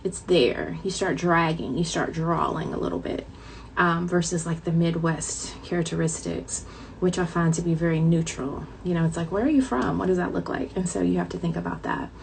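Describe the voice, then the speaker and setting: A talkative woman author with a light Southern twang chats to her viewers in a low, gravelly voice. She is animated and a bit dramatic. A faint hiss of noise sits under her voice. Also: moderate pace, poor audio. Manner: chatty, dramatic, addresses viewers as y'all. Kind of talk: casual chat to viewers.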